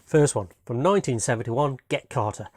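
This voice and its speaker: A man's voice: medium pitch, lively intonation, a little fast, darkish tone. A man from Britain casually reviewing his latest home movie watches, rambling and enthusiastic, peppering his talk with "man" and "you know what I mean".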